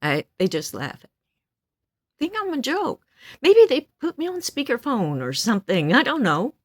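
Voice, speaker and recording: A woman's voice: a little high, sing-song, moderate pace, no echo, studio quality. Blunt, stern woman in her seventies. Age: 70s. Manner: blunt, stern and outspoken, laughs between remarks. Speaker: vlogger. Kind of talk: casual venting monologue.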